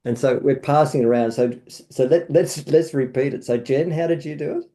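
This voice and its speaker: Gravelly-voiced Australian man hosting. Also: on the high side. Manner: relaxed, chuckling, halting restarts. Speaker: workshop host. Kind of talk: casual group video call.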